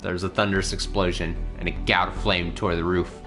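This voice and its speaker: Deep-voiced man streaming a visual novel. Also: flat delivery, a little fast, few pauses, fairly bright tone, faint music behind. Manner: reads the story text, breaks off to laugh and comment. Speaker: let's play streamer. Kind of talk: reading a visual novel aloud with commentary.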